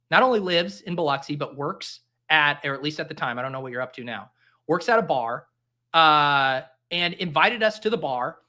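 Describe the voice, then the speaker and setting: With a slightly high pitch and a sharp tone, a young male livestream host chats casually, joking and rambling as if on too much coffee.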